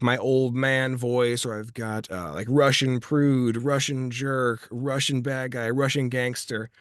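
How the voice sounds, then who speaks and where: A man's voice: medium pitch, no echo, clean studio sound. A man from Texas who works as a voice actor, chatting in an interview and often restarting his phrases as he tells stories. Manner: chatty, restarts phrases while telling anecdotes. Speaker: voice actor guest. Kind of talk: casual interview chat.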